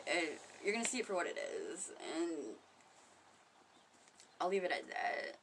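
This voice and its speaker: A woman talking casually to camera in a rambling, profane monologue about spirituality, often laughing and getting loud when she quotes others. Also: lowish voice, expressive, normal speed, far from the mic, slight background noise. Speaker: spiritual vlogger.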